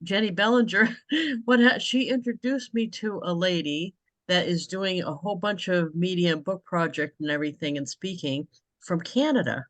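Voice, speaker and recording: A woman's voice: lowish voice, normal speed, no echo. A woman from New England hosting a casual video-call chat, talking freely and laughing often. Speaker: host.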